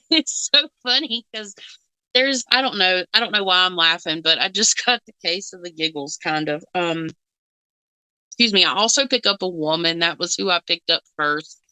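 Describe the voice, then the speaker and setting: A woman's voice: lowish voice, moderate pace, pushed and bright, clean tone, no room sound, low-quality recording. A woman co-hosting a casual reaction chat as a psychic, rambling with fillers and frequent giggles. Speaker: psychic co-host.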